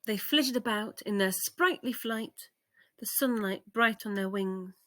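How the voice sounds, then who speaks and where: Woman reading a kids bedtime story, nice and slow, bright voice. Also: mid-range voice, dry recording. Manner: gentle, expressive read-aloud.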